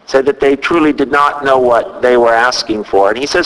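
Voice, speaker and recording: A man delivers a sermon in a church, walking listeners through a scripture story in a measured way. His voice sits a little high for a man. Long reverb from the church hall trails each phrase. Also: a bit bright. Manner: measured storytelling, retelling scripture with quoted dialogue. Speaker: pastor.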